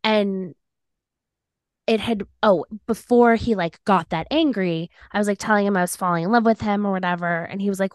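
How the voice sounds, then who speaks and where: A woman's voice: mid-range voice, moderate pace, dry recording. Young woman podcast host, rambly storytelling, full of likes, dry close sound. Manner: chatty, many "like" fillers, animated retelling. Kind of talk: casual storytelling chat.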